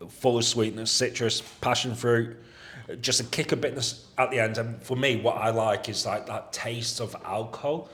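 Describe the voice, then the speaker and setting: A man's voice: medium pitch, fairly even intonation, moderate pace, a bit bright. A man in casual chat as a podcast guest, enthusiastic and crude as he gushes.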